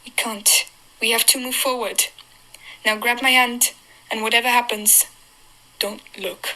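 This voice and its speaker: A woman's voice: on the high side, fairly even intonation, measured pace, bright, forceful tone, rough recording. A teenage actress voicing a frightened teenage girl who leads her little brother, in a French accent, for an audition recording. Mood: urgent. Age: teens.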